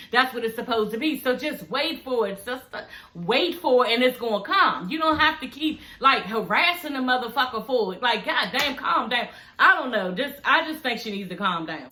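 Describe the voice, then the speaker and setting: Sassy lady ranting about a reality show, bright sharp voice, lots of cussing. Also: a little high, reverberant. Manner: sassy, profane, talks straight to viewers. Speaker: vlogger reviewing a reality show. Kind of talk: casual reaction commentary.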